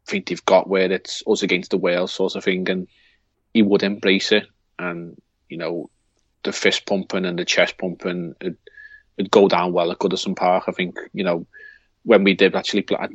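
A man's voice: low voice, flat delivery, moderate pace, slightly rough, dry recording, muffled recording. A man with a Liverpool accent co-hosting a podcast in rambling casual chat, often restarting his sentences. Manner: rambling, hesitant, with frequent restarts and fillers. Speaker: podcast co-host.

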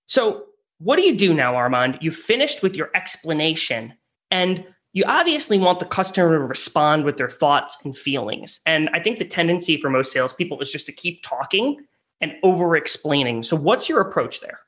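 A man's voice: fairly high pitch, moderate pace. Guy cohosting a sales podcast, bouncy up-and-down voice, acts out little scenes. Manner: lively, acts out customer and rep lines. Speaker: co-host. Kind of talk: sales advice podcast chat.

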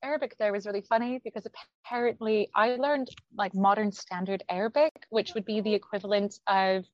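An American woman from Arizona whose vowels have drifted toward British after years abroad, talking in an easy, storytelling way. Her voice sits at an ordinary pitch and comes across dry and a little dull, as if through a modest mic. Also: steady tone, fairly quick, no room sound. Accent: American with some British pronunciation picked up from living in London. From Arizona, United States. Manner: chatty, storytelling, laughs at own anecdotes. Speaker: guest. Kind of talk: casual interview chat. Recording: dull, slightly lo-fi, dry sound.

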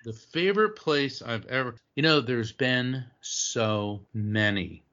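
A man, a guest on an interview show, telling animated travel stories with lots of fillers and restarts. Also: mid-range voice, slow. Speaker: guest, psychic explorer. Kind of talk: casual interview storytelling. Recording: slightly dull lo-fi audio.

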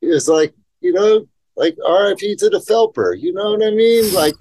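A professional skateboarder, guest on a casual podcast interview, tells skateboarding stories in a high-pitched, animated voice at a moderate pace, a little mellow in tone. He rambles, swears, and acts out quotes, in a dry recording.

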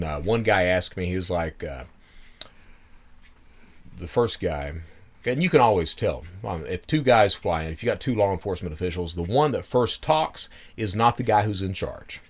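A man hosting a podcast, telling his own story in an animated, profane, chuckling way. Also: low-pitched. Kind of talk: casual storytelling.

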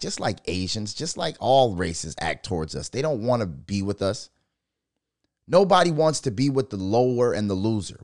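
A man hosting a podcast in heated commentary, his voice swinging widely in pitch as he rants. He swears freely and hammers his points with rhetorical questions. The sound is dry and close. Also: no echo. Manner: profane, fiery, fires off rhetorical questions. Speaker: podcast host.

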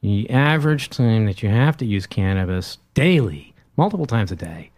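A man's voice: lowish voice, very animated, moderate pace, darkish tone. An older man from Massachusetts, a radio guest who runs a cannabis business and teaches, talking in a blunt, plain-spoken, explanatory way. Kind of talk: casual radio chat.

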